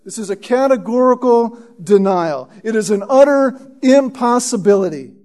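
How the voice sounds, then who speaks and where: A man's voice: very high voice, expressive, normal speed, a little mellow, faint music behind. A man preaching an expository sermon, emphatic, often asking "Right?" of his listeners and sometimes stumbling over words.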